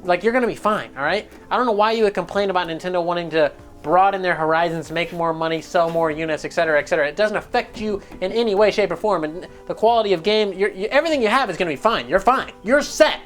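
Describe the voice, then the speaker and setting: Pitched high, this guy races through a casual gaming-news rant, joking constantly and swearing without restraint. The delivery stays loose and lively while quiet music plays faintly underneath.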